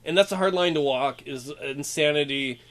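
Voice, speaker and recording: A man's voice: a little high, normal speed. A man co-hosting a casual gaming podcast, laughing often and acting out little quotes. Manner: laughing, animated, acts out quotes. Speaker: podcast co-host. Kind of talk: casual chat.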